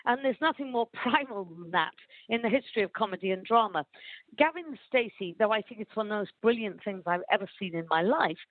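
A woman from Wales, giving animated, opinionated commentary and laughing often, heard down a phone line. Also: mid-range voice, fairly quick, dry recording. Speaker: guest commentator. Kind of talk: chatty phone interview.

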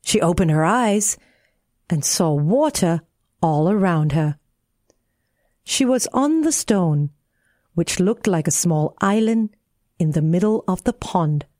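A woman radio presenter narrating a children's story in a slow, gentle, expressive reading. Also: fairly low pitch, no echo, clean studio sound.

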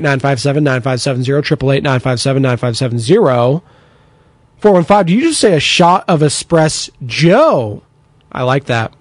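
Energetic man hosting sports radio. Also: a little high, no room sound. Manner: energetic, chatty, takes text-line messages. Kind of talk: sports talk radio monologue.

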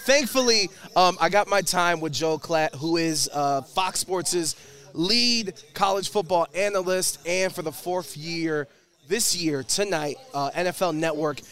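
A man's voice: a little high, unhurried, a bit bright. A man hosting a casual sports show, joking around with many fillers, seated at a table mic in a media room. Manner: playful, jokey, lots of fillers. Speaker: podcast host. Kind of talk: casual chat. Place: media room at a draft event.

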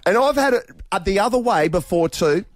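A man's voice: high-pitched, expressive, fairly quick, dry recording, studio quality. Chatty Australian male radio host. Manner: rambling and chatty, with many fillers and restarts, often laughing. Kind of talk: casual radio chat. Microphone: studio microphone.

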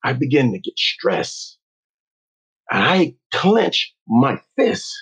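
A man, a motivational speaker, telling a personal story in a slow, deliberate, dramatic way. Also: medium pitch, sing-song, fairly bright tone, husky. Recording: dull lo-fi recording.

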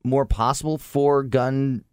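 A man's voice: medium pitch, steady tone, takes it slowly, clean tone, no echo, clean studio sound. A man interviewing in a casual conversation, asking short prompting questions and chiming in with agreement.

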